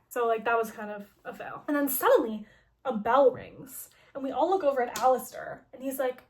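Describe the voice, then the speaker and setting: Chatty young woman, higher voice. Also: a little fast, a little hiss or hum. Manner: chatty, filler-heavy with constant "like". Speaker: game story recapper. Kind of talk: casual story recap.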